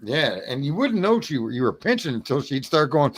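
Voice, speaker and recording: A man hosting a late-night livestream, telling a rambling story with lots of swearing, laughter and throat clearing. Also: a little high, sing-song, normal speed. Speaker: livestream host. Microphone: home streaming mic.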